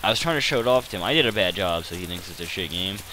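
A man's voice: low voice, lively intonation, very fast, sharp tone, a little hiss or hum, low-quality recording. A man giving rambling, self-deprecating commentary over his gameplay, hesitant and full of fillers. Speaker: gaming channel host.

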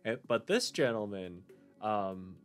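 A man's voice: fairly low pitch, animated, slow pace, soft background music. A man narrating as game master in a tabletop role-playing game, with many fillers and restarts. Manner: hesitant, filler-heavy narration.

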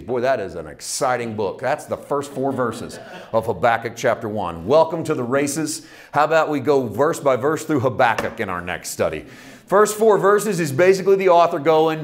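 A man preaching a sermon, swinging from hushed asides to loud, intense scripture readings, with folksy humor. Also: mid-range voice, sing-song, moderate pace. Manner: reads scripture aloud with rising intensity. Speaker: pastor.

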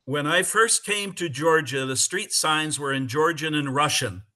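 Middle-aged man, bright and slightly high, halting with lots of fillers, eager conference panelist on a video call. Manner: halting, many fillers, enthusiastic. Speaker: conference panelist and English teacher. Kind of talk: conversational answer on a video call.

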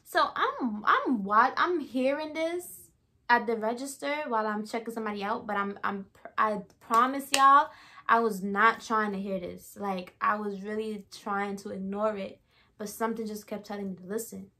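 Bright, animated young woman storyteller. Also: mid-range voice, moderate pace. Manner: animated, emphatic, laughing asides. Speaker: vlogger. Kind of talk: storytime vlog.

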